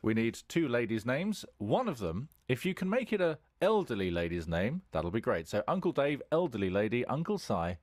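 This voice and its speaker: A male presenter introducing a podcast segment. His pitch swings dramatically from word to word. The sound is dry and close, with no room echo. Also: very animated, normal speed, hardly any pauses. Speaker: podcast presenter reading listener letters. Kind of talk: presenting and reading aloud.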